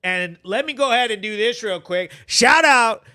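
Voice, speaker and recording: A man hosting a news show, ranting in loud, blunt, casual commentary with swearing. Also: very high-pitched, lively intonation, normal speed, clean tone.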